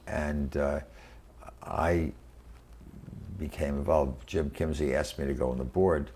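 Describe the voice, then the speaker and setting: A man in his eighties from New York City, recalling his career in a halting oral history interview full of fillers and restarts. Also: a bass voice, creaky, darkish tone, slight background noise. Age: 80s. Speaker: interviewee, venture capitalist. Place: quiet room.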